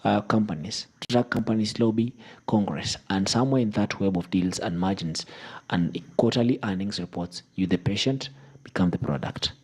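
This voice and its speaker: Brief: man, low and breathy, measured commentary with emphatic punchlines. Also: darkish tone. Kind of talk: political commentary clip.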